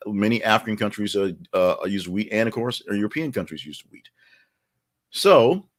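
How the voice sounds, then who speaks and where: A middle-aged man hosting a podcast, commenting on the news in a rambling, casual way with lots of fillers and wry asides. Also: low voice. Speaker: podcast host.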